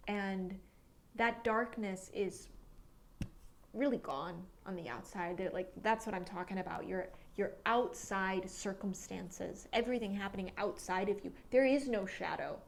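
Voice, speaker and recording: A woman giving a monthly tarot reading, musing aloud with frequent restarts and fillers, sometimes dropping into soft near-whispers. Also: mid-range voice, measured pace, vocal fry. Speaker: tarot reader.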